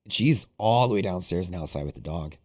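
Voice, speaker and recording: A young man hosting a livestream, casually telling a long story to his audience, rambling and animated with lots of "like". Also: low voice, brisk, breathy edge. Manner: rambling, animated, heavy use of "like". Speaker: day-trading livestream host.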